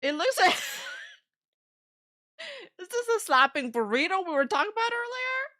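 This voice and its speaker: A young woman streamer giving excitable live reaction commentary, laughing often and swearing freely. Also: very high-pitched, takes it slowly, no echo, studio quality. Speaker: VTuber streamer.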